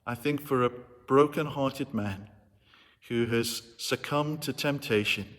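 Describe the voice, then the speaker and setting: A man's voice: mid-range voice, measured pace, a bit bright. A man preaching a sermon as a vicar, retelling a story in an earnest, reflective way. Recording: long hall reverb.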